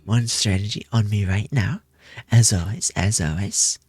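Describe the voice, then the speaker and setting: A man's voice: on the low side, normal speed, a little mellow, a little hiss or hum. A young man chatting casually on a stream, rambling and playful, repeating his phrases with self-mocking asides. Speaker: VTuber streamer. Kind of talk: casual debut stream chat.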